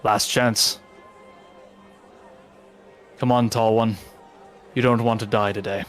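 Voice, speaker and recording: A man's voice: flat delivery, faint music behind. A game master voicing a blunt, menacing male city guard who threatens the party. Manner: low, slow, threatening.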